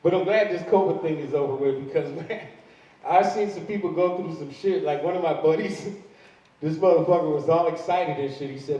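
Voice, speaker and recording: A man's voice: fairly high pitch, normal speed, dark tone, slight background noise. An older man doing a crude stand-up comedy set in a live club, telling stories and acting out the voices of people in them. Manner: crude, storytelling, acts out quoted voices. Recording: distant, very echoey, dull lo-fi club recording. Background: audience laughter.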